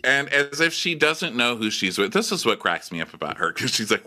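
A man hosting a casual comedy podcast, recapping a reality show and often jumping into high mocking impressions of its cast. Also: a little fast, hardly any pauses. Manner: animated, slips into high mocking impressions of the people discussed. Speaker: podcast host.

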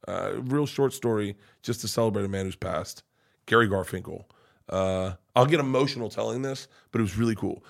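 A middle-aged man, a comedian guest, telling stories in a rambling, profane way with many restarts. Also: medium pitch. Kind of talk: casual storytelling chat.

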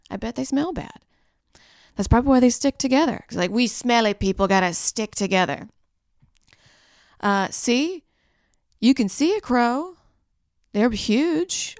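A woman's voice: on the high side, clear, resonant tone, no room sound, clean studio sound. A woman co-hosting a podcast in casual, rambling chat, laughing often and swearing easily. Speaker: podcast co-host.

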